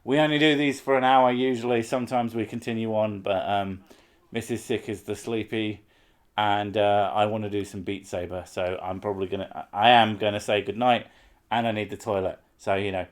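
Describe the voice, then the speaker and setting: A man's voice: on the low side, little pitch movement, normal speed. A man hosting a live stream, chatting casually and rambling through self-mocking asides.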